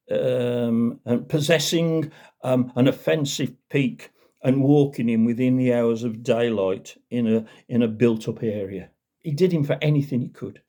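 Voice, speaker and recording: A man with a Black Country accent telling a folk tale, lively and chatty with the odd filler. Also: mid-range voice. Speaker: storyteller.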